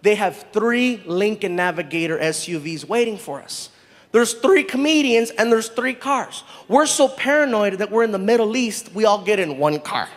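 A man telling a stand-up story in an animated way, acting out the people in it. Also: high voice, moderate pace, big-room sound. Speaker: stand-up comedian.

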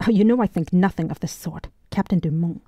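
A proud young officer, as a woman narrator reads him, earnest and defensive. Her voice is low-pitched and mellow, recorded close and dry for a storybook. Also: fairly quick, dry recording, natural voice.

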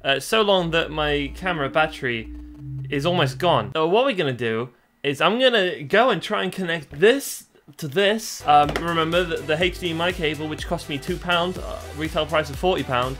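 A man's voice: fairly high pitch, animated, normal speed, fairly bright tone, soft background music. A young British man doing a sarcastic, swearing tech review vlog at home. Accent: British English. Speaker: YouTuber. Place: home, in front of a TV.

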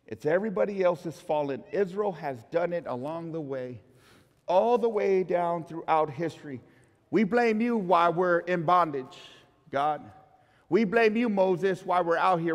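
High-voiced preacher in a reverberant church. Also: male voice, measured pace. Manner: dynamic preaching, swinging from loud to hushed. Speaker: pastor. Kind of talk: sermon.

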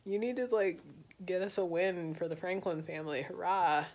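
A woman's voice: fairly low pitch, moderate pace, darkish tone. A woman voicing a brash, nagging Victorian wife who swears, sounding tipsy. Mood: bossy. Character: bossy demanding Victorian wife.

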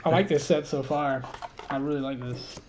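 A man hosting a trading card unboxing, reading card text aloud in a halting way and swearing casually. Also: a little high, steady tone, very noisy. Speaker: channel host opening trading cards.

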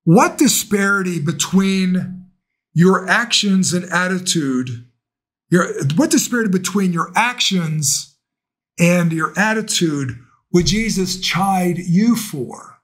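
A man's voice: high voice, takes it slowly, a bit bright. A man, a priest, preaching a sermon to camera in a conversational, earnest way, asking rhetorical questions.

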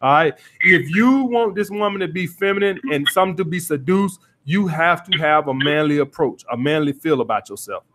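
A man's voice: a little high, expressive, fairly quick, fairly bright tone, slight background noise. A man coaching callers on dating, lecturing bluntly and cursing freely. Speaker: dating coach taking calls. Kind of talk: call-in advice show.

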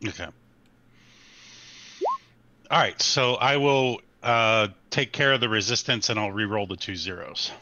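A man plays a tabletop role-playing game, asking rule questions and narrating his character's attack. His low voice has a very bright, sharp edge, and it comes through a dull, lo-fi mic. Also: a little slow, pauses often, no echo. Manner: asks rule questions, describes action. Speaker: player. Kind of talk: casual game chat.

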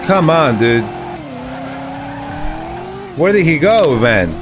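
A man streaming a retro driving game, excitably talking to the game and getting frustrated as he plays. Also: on the high side, takes it slowly. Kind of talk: live gameplay commentary. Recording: noisy with game car sounds.

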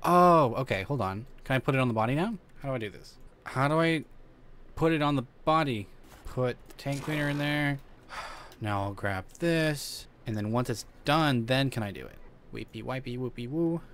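A man's voice: mid-range voice, expressive, normal speed, fairly bright tone. Guy streaming a horror game, talks to himself and swears a lot, voice bouncing up and down, faint hiss. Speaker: gaming streamer. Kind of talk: let's play commentary.

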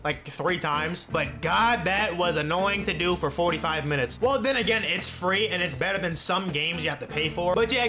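High, lively young man gaming. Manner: excitable, yelps and swears when startled; talks to game characters. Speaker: gaming YouTuber. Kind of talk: horror game let's play commentary. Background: game music.

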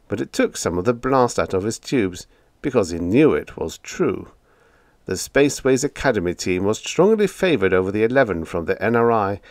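A man with a fairly low voice reads a humorous story aloud, wry and lively in his delivery. His pitch moves a lot as he tells it. The recording is close and dry. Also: no echo. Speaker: audiobook narrator. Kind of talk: humorous audiobook narration.

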